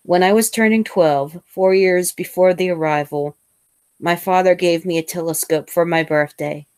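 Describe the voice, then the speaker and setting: A woman reading a first-person novel aloud as host, in a measured way with small slips and restarts. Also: on the low side, fairly even intonation, a little mellow, smooth, no room sound.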